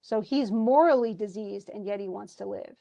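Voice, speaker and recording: A woman's voice: medium pitch, moderate pace, creaky, warm tone. A woman teaching a play, reading passages aloud and stopping in a casual, conversational way to explain what the characters mean. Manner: conversational, stops to explain lines. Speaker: literature teacher.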